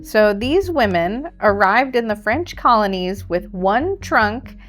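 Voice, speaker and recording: A woman co-hosting a podcast, reading a history segment in a steady, playful storyteller manner. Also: mid-range voice, slow, faint music behind. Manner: steady storyteller, playful, laughs at own slips.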